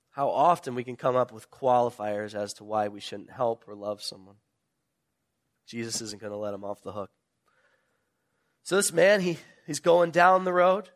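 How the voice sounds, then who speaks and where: A male pastor preaching a sermon, retelling a parable with animated storytelling and emphatic questions. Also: mid-range voice, moderate pace, long pauses.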